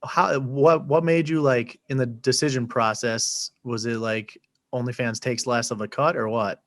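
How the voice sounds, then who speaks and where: A man's voice: medium pitch, steady tone, moderate pace, fairly bright tone, no echo. A man chatting as a podcast guest in a dry, close-miked room, with a mid-range voice. He is laid-back and swears often, padding his talk with fillers. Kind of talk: casual podcast chat.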